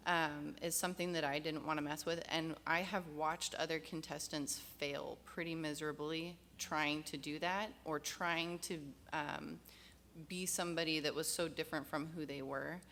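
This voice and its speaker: A woman with an American accent telling a story in a relaxed way on a panel. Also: sits low, moderate pace, slight background noise. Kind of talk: casual panel discussion.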